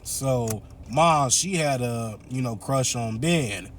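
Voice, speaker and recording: A man's voice: mid-range voice, takes it slowly, a little hiss or hum. Chatty man recapping a movie. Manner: chatty, laughs often, acts out the characters' lines. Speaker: movie reviewer.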